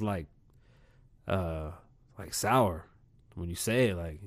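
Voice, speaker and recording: A man's voice: lowish voice, very animated, measured pace, husky. Profane, rambling male podcast host. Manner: profane, rambling, swings between loud outbursts and muttering. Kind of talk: casual comedic monologue.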